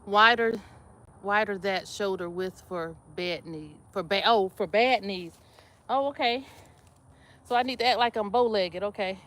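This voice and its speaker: A woman's voice: mid-range voice, a little slow, fairly bright tone. A woman, chatting with viewers on a live stream while she does squats, laughing and calling out to the audience. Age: 50s. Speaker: livestream host. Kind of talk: casual live exercise chat.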